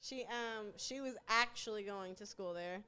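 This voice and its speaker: A young woman with a very smooth, clear voice at a middle pitch chats easily as a podcast guest. She tells stories in relaxed slang and laughs often. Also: unhurried. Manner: laid-back, laughs often, slangy storytelling. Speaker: rapper and singer, interview guest. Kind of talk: casual interview chat.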